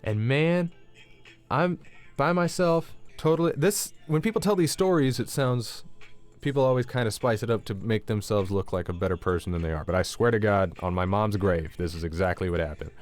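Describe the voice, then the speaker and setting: Guy vlogging, telling a wild story, swears a bunch, voice a bit low, gets loud and high when he quotes people. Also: moderate pace, soft background music. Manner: animated, swears a lot, acts out quotes with raised pitch. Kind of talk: casual storytelling to camera.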